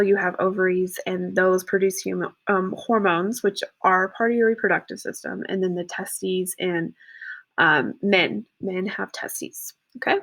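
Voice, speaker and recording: A woman teacher talking students through a lesson in a casual way, often checking in with "okay" and pausing on "um". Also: mid-range voice, fairly bright tone.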